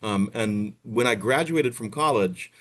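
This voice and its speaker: A man in his forties from Boston, answering interview questions as a nonprofit director in an articulate, measured way. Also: on the low side, fairly bright tone. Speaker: nonprofit executive director, guest.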